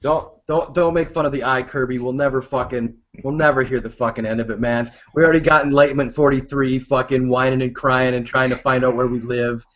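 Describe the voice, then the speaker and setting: A man's voice: medium pitch, steady tone, fairly quick, few pauses, a bit bright, lo-fi sound. A man co-hosting a podcast, trading profane, joking sports banter and reading out listener tweets. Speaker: podcast co-host.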